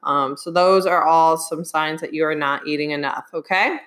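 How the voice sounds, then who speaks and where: A young woman with a slightly low voice talks through nutrition questions as a coach in a live chat. She is chatty and emphatic, and she keeps checking in with her listeners. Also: fairly even intonation, moderate pace, hardly any pauses, fairly bright tone.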